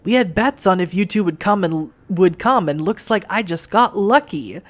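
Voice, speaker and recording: A woman voicing a cruel, brutish male werewolf thug who taunts slowly and mockingly. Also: mid-range voice, animated, close to an everyday voice. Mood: taunting. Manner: mocking, sneering, drawn-out taunts.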